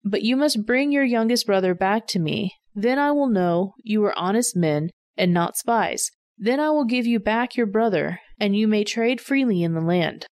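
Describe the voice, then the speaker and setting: A woman's voice: mid-range voice, lively intonation, normal speed, few pauses, darkish tone, dry recording, clean studio sound, natural voice. A woman reading the lines of a group of worried adult brothers, in a plain read-aloud delivery. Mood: reporting.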